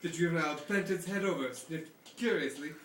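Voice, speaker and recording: Against a noisy background, a man reads a novel aloud to friends at a fairly quick pace in a fairly high voice. He stays casual and amused, laughing often, inside a lakeside cabin where the room echoes and the mic is placed far away.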